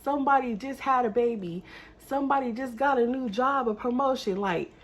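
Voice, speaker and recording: A young woman telling a story to her viewers in a casual, animated, exasperated way. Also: fairly high pitch, brisk, husky.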